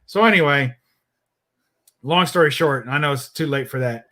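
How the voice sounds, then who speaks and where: A podcast host tells a long, rambling story in casual chat, packed with fillers and acting out the people in it. His voice is medium-pitched and sharp-toned, at a normal speed.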